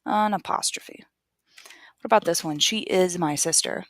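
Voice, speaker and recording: A woman teaching basic English grammar, explaining patiently and repeating each word slowly for learners. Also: lowish voice, dry recording, studio quality. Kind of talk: slow, careful classroom explanation.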